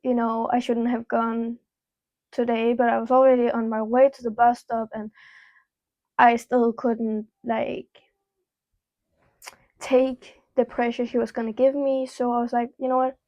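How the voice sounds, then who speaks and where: A woman's voice: a little high, level tone, unhurried, pauses often, dark tone, no echo, dull audio. A teenage girl telling a personal story to camera in a candid, rambling way, full of "like" and casual swearing. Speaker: vlogger. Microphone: small clip-on mic.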